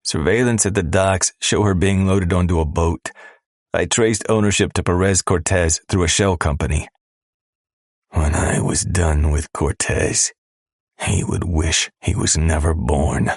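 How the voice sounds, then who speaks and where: Brief: a man reading gruff, menacing criminals, deep-voiced, crude, dry studio sound. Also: fairly even intonation, measured pace, dry recording. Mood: cold. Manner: crude, menacing, tough-talking. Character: gruff male smugglers and mafia man. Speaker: audiobook narrator. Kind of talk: scripted audiobook narration.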